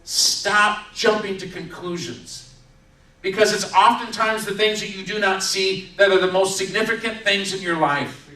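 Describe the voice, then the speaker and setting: A man's voice: high voice, fairly even intonation, normal speed, sharp tone, distant mic. A man preaching a sermon as pastor, retelling a story with acted-out quotes. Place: church sanctuary. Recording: echoey room from off-mic.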